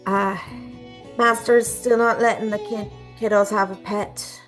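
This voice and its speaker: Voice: mid-range voice, little pitch movement, a little slow, fairly bright tone, faint music behind, pitched above the performer's own voice, close to an everyday voice. A woman voicing a blunt, practical halfling servant in a tabletop game, speaking in a matter-of-fact way.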